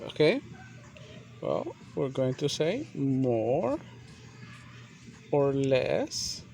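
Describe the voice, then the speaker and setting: A man teaching a grammar lesson, repeating and spelling out words slowly and deliberately. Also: medium pitch, huge pitch swings, vocal fry, mellow. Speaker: English teacher.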